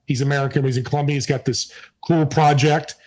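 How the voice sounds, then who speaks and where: An energetic man speaks as an interview guest, pressing his points hard with emphatic delivery. His voice sits on the high side for a man. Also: quick pace, poor audio. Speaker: podcast host and guest. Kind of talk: casual interview storytelling.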